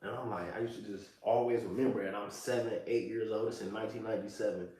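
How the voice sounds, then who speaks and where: A man's voice: fairly low pitch, fairly even intonation, fast, warm tone. A man in his thirties sharing a reflective monologue in loose street slang, often repeating "you know what I'm saying.". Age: 30s. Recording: distant mic in a very echoey room.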